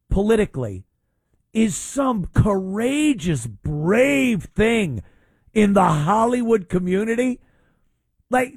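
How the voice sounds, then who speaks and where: A man's voice: sits high, a little mellow, slightly rough, no room sound. A man hosting a talk radio show, giving mocking, sarcastic commentary on a clip.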